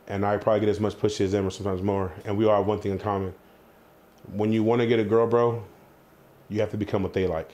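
Fast-talking slangy young man. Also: fairly low pitch. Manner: animated, slangy, profane, swears constantly. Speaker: interview guest, entrepreneur. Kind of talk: casual storytelling interview.

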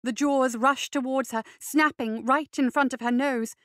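A woman reading a fantasy story aloud in measured, even scripted narration. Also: high voice, no room sound, clean studio sound. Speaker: reader.

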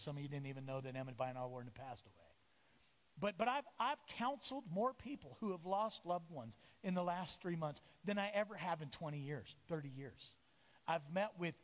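A middle-aged male pastor preaching a sermon, lively and storytelling, acting out the voices of the people in his story. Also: high voice, long reverb tail. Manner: animated, acts out voices of biblical figures. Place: church sanctuary.

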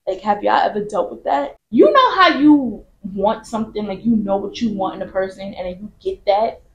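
A woman's voice: medium pitch, animated, normal speed, echoey room, dull audio, slight background noise. A woman hosting a casual podcast, steadily explaining her view and asking the next question. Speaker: podcast host.

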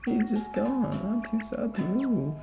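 A man putting on a high, whimpering paper girl. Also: lively intonation, gravelly, over music. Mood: grief-stricken. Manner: whimpering, drawn-out sobbing delivery. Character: tearful grieving young paper girl companion.

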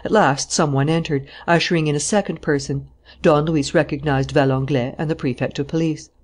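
An audiobook narrator reading a novel in a steady, even storytelling manner. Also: medium pitch, a little fast. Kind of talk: scripted narration.

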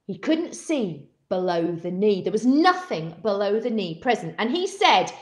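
Giggly woman, lively. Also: mid-range voice, unhurried. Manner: chatty, giggly, theatrical. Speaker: co-host. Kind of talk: casual chat.

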